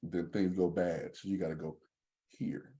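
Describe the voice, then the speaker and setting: A man's voice: low-pitched, measured pace. A man co-hosting a podcast, in casual joking banter. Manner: joking, animated storyteller. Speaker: podcast co-host.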